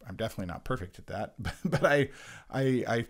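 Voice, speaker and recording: A man co-hosting a church Bible discussion, talking in an earnest, halting way with many restarts. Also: medium pitch, expressive. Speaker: church podcast co-host. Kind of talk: casual reflective Bible discussion.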